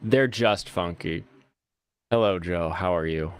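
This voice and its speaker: A man hosting a casual podcast chat, animated, his voice jumping high when he gets exasperated. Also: measured pace, clean tone, no echo. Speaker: podcast host.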